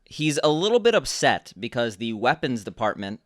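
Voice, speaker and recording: A man's voice: medium pitch, sing-song, normal speed, dry recording, studio quality. A young man co-hosting a podcast, recapping a movie in casual chat and often repeating words as he starts a sentence. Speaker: podcast co-host.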